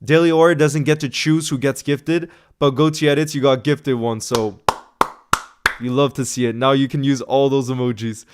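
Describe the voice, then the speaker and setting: A young man hosting a football live stream, reading out viewer messages and giving excitable shout-outs. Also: mid-range voice, moderate pace, smooth.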